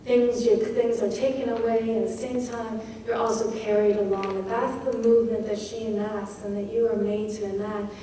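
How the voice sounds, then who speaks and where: Woman, poetry lecture, mellow voice, distant mic, long hall reverb. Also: mid-range voice, flat delivery, a little hiss or hum. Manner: slow, reads lines aloud and dwells on their sounds. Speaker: poet giving a craft talk. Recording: echoey hall from far off.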